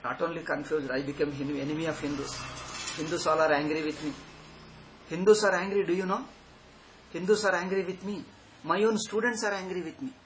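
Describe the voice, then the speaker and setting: A man lectures students on spiritual matters in a fairly high voice. He talks with sarcastic emphasis and keeps circling back to repeat his points. A faint noise sits under the recording. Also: fairly even intonation, a little fast, poor audio. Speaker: Vedanta teacher.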